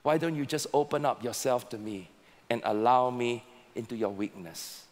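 A male pastor preaching a sermon with slow, emphatic delivery and repeated words. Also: medium pitch. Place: large church auditorium. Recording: long reverb of a large hall.

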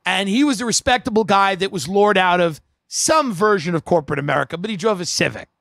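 Casting: comedian host, higher man's voice, dry close sound, rambling storyteller. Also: fast, vocal fry, no room sound. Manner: rambling, animated anecdote telling.

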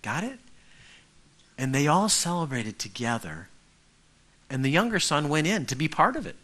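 A man's voice: fairly high pitch, very animated, normal speed, bright, forceful tone. A male pastor preaching a conversational sermon who keeps checking in with the congregation.

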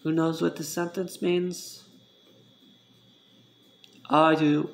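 Guy teaching spanish words real slow, gravelly voice, keeps repeating stuff and fixing himself. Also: fairly high pitch, little pitch movement, a little hiss or hum. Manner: slow, self-correcting, repeats words for drill. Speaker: Spanish tutor. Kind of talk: informal language lesson.

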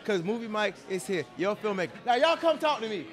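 A man talking in a loud, theatrical, boastful showman manner on a busy indoor convention floor. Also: sits high, very animated, fairly quick.

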